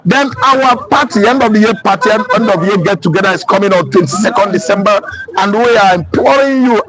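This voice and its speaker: A man's voice: sits high, brisk, low-quality recording. Nigerian man hosting a live chat. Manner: reads out viewers' names with lively calls. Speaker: show host. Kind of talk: casual live-stream chat.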